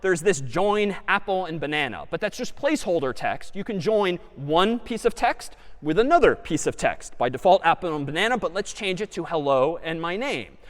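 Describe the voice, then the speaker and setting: A man's voice: high-pitched, normal speed, hardly any pauses. A man giving a live computer science lecture, thinking aloud as he works through a demo. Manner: lively and animated, thinking aloud. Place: large lecture hall. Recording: lecture hall with long reverb.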